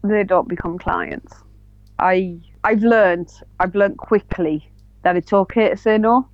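Bubbly woman guest, lively voice. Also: mid-range voice, takes it slowly, no echo. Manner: bubbly, teasing. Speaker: podcast guest. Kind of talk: casual podcast chat. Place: in her bed at home. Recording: dull lo-fi line.

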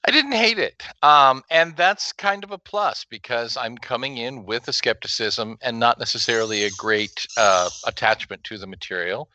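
A man's voice: mid-range voice, moderate pace, hardly any pauses, bright, forceful tone, no room sound. A man co-hosting a casual comic review chat, making wry, sardonic remarks. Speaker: podcast co-host reviewing comics.

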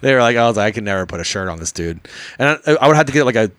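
A man's voice: mid-range voice, animated, racing, a bit bright, smooth, no echo. A man hosting a casual podcast, telling stories in a laid-back way with lots of fillers and laughs. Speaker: podcast host.

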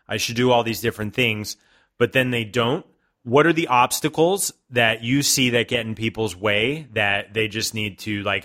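A man's voice: on the low side, bright, forceful tone. An American man hosting a podcast, joking and teasing his guests before asking them questions. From United States. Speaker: podcast host. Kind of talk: casual podcast chat.

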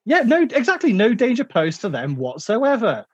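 A man's voice: sits high, huge pitch swings, moderate pace, breathy edge, no echo, lo-fi sound. A man chatting casually about a film, rambling with many fillers and restarts. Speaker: podcast co-host.

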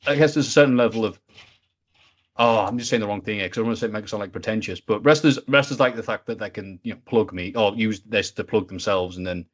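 Fast-talking man, lo-fi. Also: on the low side. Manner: animated, acts out voices in his stories, swears. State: sick, stuffy. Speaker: interview guest, video maker. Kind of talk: casual podcast storytelling.

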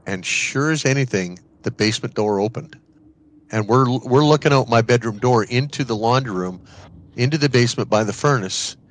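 A man co-hosting a podcast, casually telling a ghost story and acting out the voices of people in it. He often restarts and repeats words when he gets excited. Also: medium pitch, moderate pace. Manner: lively storytelling, acts out quoted voices. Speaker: podcast co-host.

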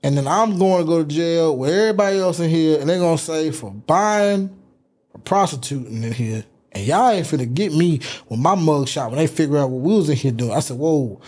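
A young man hosting a casual talk show, telling a story in an animated way and acting out what people said. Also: fairly high pitch, a little fast. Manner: animated storyteller, acts out quotes. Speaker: podcast host.

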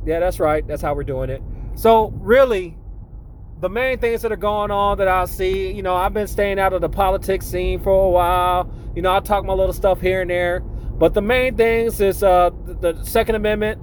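A man's voice: high-pitched, steady tone, normal speed, slight background noise. A man giving casual news commentary as a returning segment guest, talking with many fillers and restarts. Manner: hesitant, filler-heavy.

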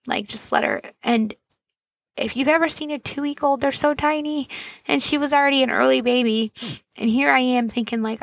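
A woman's voice: on the high side, creaky, dry recording. A woman in her thirties, a mother of four, telling a personal story in an earnest, rambling way, full of asides and fillers. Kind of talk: casual storytelling to camera.

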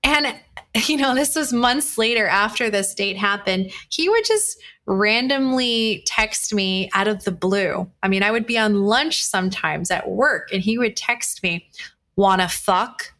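A woman of middle pitch tells her own dating story to listeners, blunt and candid, swearing freely. She talks in a loose, conversational way and often stumbles and restarts her sentences. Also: animated, a little slow, a bit bright. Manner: frequent restarts and fillers, conversational retelling. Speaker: podcast host.

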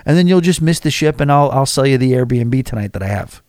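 A man voicing an amused, friendly male taxi driver who teases in an emphatic, lively way. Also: mid-range voice, a little fast, dry recording, studio quality, lightly acted.

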